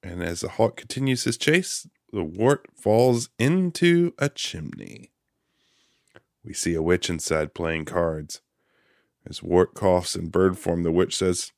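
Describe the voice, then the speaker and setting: A man hosting a casual podcast, retelling a film's plot with lively delivery and quick quoted voices. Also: sits low, no echo, studio quality. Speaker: podcast host recapping a film.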